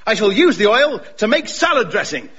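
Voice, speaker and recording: A man's voice: sits high, sing-song, brisk, highs cut off, very noisy. A man playing a cheerful, dim-witted posh friend, chirpy and enthusiastic, in a radio comedy.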